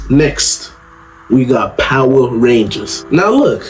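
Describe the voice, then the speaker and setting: A young man doing comedic commentary in an animated, slangy way, often asking "you know what I'm saying". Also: on the high side, a little slow. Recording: music playing under the voice.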